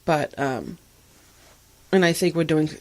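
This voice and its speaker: A woman's voice: low-pitched, slow pace. A woman hosting a podcast, telling stories in a casual chat and laughing often as she talks. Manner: animated storyteller who laughs often. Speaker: podcast host.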